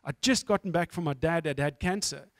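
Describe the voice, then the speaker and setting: High-voiced South African man telling his story. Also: fairly quick, no echo, studio quality. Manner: candid storyteller, self-mocking, animated. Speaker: guest speaker. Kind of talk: testimony talk at an event.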